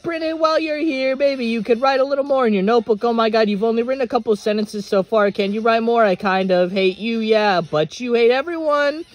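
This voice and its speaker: A man performing a film script as a fan dub, voicing several characters in turn with emotional, dramatic line reading. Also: high-pitched.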